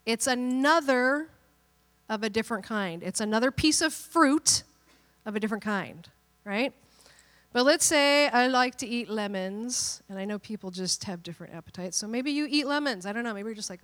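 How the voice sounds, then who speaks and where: A woman pastor gives a Bible teaching in a slightly high voice. She keeps it chatty and checks in with listeners as she goes. A long reverb from the hall hangs on her words. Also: moderate pace, a bit bright.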